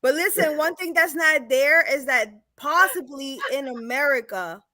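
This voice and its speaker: Woman, Spanish accent, high voice, dry close sound, halting and apologetic, casual show banter. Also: animated, bright, forceful tone, no echo. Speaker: co-host.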